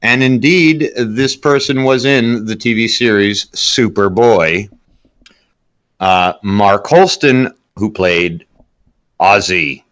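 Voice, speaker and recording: A man co-hosting a film podcast, recapping plots in a halting way with dry jokes. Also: fairly low pitch, a bit bright. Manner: halting, many fillers and restarts, dry jokes. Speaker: podcast co-host. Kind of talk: casual film review chat.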